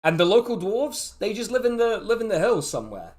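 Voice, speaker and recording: Higher-voiced man running a tabletop game. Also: big pitch swings, brisk, crowd noise. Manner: chatty, laughs often, restarts sentences. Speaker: dungeon master.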